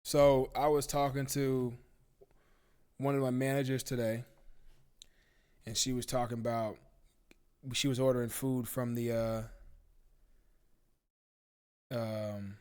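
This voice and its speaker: A man's voice: medium pitch, flat delivery, slow, long pauses, darkish tone, smooth. A man hosting a live-stream talk show, ranting casually with profanity and disbelief. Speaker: livestream talk show host.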